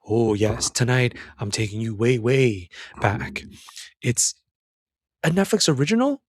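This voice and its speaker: A man's voice: medium pitch, sing-song, measured pace, breathy edge, no echo, studio quality. A young adult man hosting a casual film talk for men, rambling and calling the listener brother. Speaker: men's self-help film commentator. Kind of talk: casual monologue about a film.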